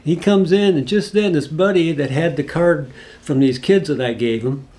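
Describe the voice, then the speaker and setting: A man's voice: fairly high pitch, normal speed, a little mellow. A man casually telling a rambling, folksy personal story, full of asides. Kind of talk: casual spoken anecdote.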